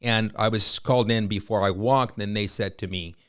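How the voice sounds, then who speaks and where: Speaking at a moderate pace in a smooth, fairly low voice, this fifty-something man shares casual stories during a podcast interview. He works as a realtor and tells his anecdotes with energy and plenty of filler words.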